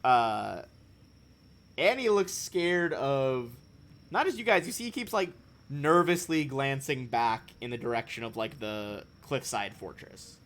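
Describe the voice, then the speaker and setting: A man's voice: mid-range voice, sing-song, measured pace, fairly bright tone. A man narrating as game master in a casual, swearing way. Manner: casual, laughing, swears freely. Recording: faint background noise.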